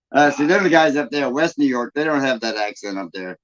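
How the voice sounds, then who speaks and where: Southern-accented male host, mid-pitched, easygoing rambler, muffled lo-fi mic. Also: lively intonation, brisk. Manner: rambling, chuckling. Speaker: live stream host. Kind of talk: casual storytelling chat.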